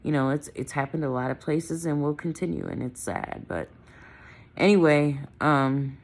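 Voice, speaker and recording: A middle-aged woman from Wisconsin, USA, vlogs casually from her car with strong opinions, her low, somewhat dark voice moving at a moderate pace with lively intonation. She's chatty and opinionated, often trailing off with "right?" and "I don't know." There's slight background noise.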